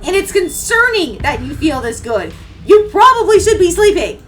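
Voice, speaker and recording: A woman streamer reading a visual novel aloud, animated and exclaiming often. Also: extremely high pitch, moderate pace, a little hiss or hum. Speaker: let's play streamer.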